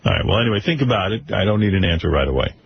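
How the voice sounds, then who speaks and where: A man hosts a talk radio show with dry, wry humor. His voice sits low and moves fast. The sound is a dull broadcast recording with a light hiss underneath. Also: animated, creaky. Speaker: radio host.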